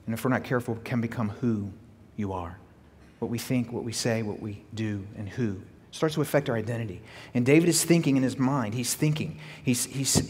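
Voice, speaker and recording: Male pastor, slightly husky, lively sermon delivery with rhetorical questions, echoey hall. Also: medium pitch.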